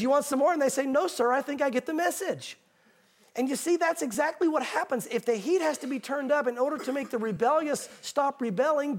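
A pastor with a very high voice, delivering a sermon to his congregation. He reads the scripture passages slowly and with strong emphasis. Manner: preaching, reading scripture aloud slowly and emphatically.

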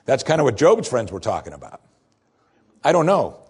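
A man preaching a sermon as pastor, expressive, rising for emphasis and dropping soft and low when quoting scripture. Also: normal speed, husky.

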